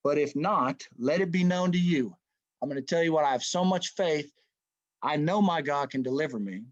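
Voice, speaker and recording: Middle-aged man, casual Bible study leader, folksy, slightly high voice, dry close sound. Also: normal speed, no echo, dull audio. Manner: folksy, keeps saying "man" and "right?".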